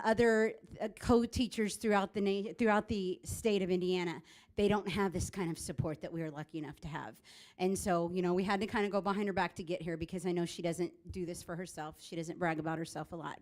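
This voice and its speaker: A middle-aged woman, a theater teacher, presenting an award at a school board meeting and telling the story behind it in a rambling, chatty way. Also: mid-range voice. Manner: warm, rambling storytelling with fillers.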